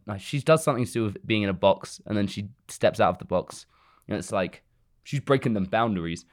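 A man's voice: fairly low pitch, fast. A man co-hosting a podcast in a casual chat, rambling and joking and laughing often. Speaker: podcast co-host.

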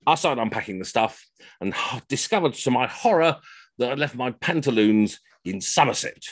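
A man's voice: mid-range voice, expressive, normal speed, no echo. A middle-aged man and costumed history entertainer, telling rambling, self-mocking comic stories over a video call from home.

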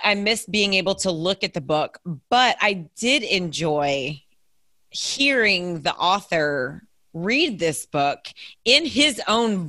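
Lively bright-voiced woman from Louisiana. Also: on the low side, no echo. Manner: animated, rambling. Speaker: podcast co-host, educator. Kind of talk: casual book chat.

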